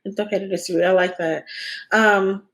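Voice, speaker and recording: A woman speaks as a guest on a relaxed podcast. She tells stories animatedly. Her voice sits at an average pitch. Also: brisk. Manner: animated storyteller who mimics family voices. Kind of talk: casual chat.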